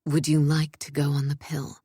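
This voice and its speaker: A woman's voice: deep voice, monotone, moderate pace, warm tone, slightly rough, no room sound, clean studio sound, pitched below the performer's own voice. A woman voicing a stern, grave king. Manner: clipped and commanding.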